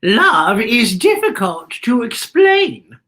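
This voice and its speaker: A woman voicing a kind, gentle grown woman in a picture book, speaking softly and slowly. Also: fairly high pitch, sing-song, voice pushed up, heavily acted.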